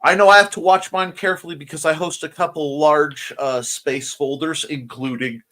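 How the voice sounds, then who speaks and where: A man's voice: a little high, steady tone, moderate pace, fairly bright tone. A man hosting a casual morning livestream, drowsy and yawning, rambling and joking as he greets viewers and reads their comments. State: sleepy, yawning. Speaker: host of a morning livestream show. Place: home room by a window.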